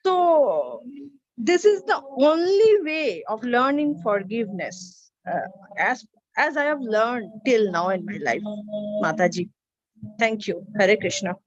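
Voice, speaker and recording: A woman, sharing earnestly as a session participant, pausing often with fillers. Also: fairly high pitch, animated, no echo. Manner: earnest, hesitant with many fillers. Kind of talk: sharing testimony. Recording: dry, dull lo-fi audio.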